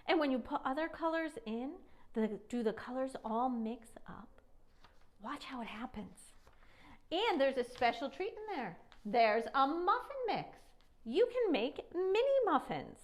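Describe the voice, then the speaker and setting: A woman librarian reading a picture book aloud to children, expressive and asking them questions. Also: sits high. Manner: expressive storytelling, asks young listeners questions.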